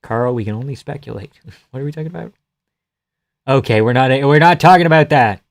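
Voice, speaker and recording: A man streaming live and reacting to a fight card in an offhand, profane way. He reads chat messages aloud and answers them with quick jokes and loose banter. His voice sits at an ordinary middle pitch for a man. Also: creaky, dry recording. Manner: casual and profane, reading chat aloud, joking.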